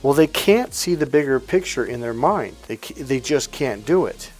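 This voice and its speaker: Slangy male coach acting out quick dialogues. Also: mid-range voice, expressive, a little mellow, soft background music. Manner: loose, slangy, acts out little dialogues in quotes. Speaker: relationship coach. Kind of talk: casual monologue to camera.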